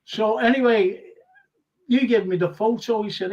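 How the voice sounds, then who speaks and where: A man's voice: high-pitched, normal speed, a little mellow. An older man hosting a live fan show, telling stories and laughing as he chats. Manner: chatty storyteller, laughs often. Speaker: host. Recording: dull lo-fi stream audio.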